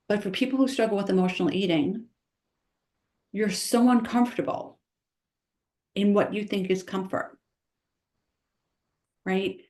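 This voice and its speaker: Emphatic woman nutritionist, talking fast. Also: medium pitch, dark tone. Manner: quick, emphatic, full of rhetorical "right?". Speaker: nutritionist guest. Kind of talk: conversational podcast interview.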